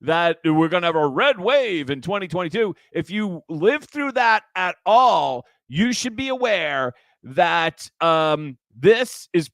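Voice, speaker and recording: High-voiced talk show host. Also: male voice, sing-song, takes it slowly, fairly bright tone, no room sound. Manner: chatty, rambling, with frequent restarts and asides. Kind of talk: casual political talk show.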